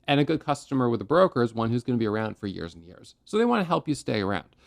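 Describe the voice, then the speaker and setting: A man's voice: medium pitch, sing-song, racing, vocal fry. A man who teaches day trading, giving a conversational recap of his trades at his desk with analogies and acted self-talk.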